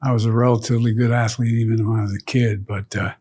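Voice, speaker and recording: A man's voice: medium pitch, little pitch movement, quick pace, darkish tone, husky. An older man as an interview guest, telling childhood stories with many restarts and fillers. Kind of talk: storytelling in an interview. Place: seated indoors for an interview.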